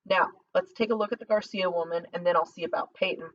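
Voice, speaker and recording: A woman's voice: on the low side, fairly even intonation, lightly acted. Tired hot-tempered country doc, woman reading him, storybook, kinda far off and muffled. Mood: weary, brisk. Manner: brisk, then raging outbursts. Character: burly weary male town doctor, volatile. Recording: slightly distant dull lo-fi recording.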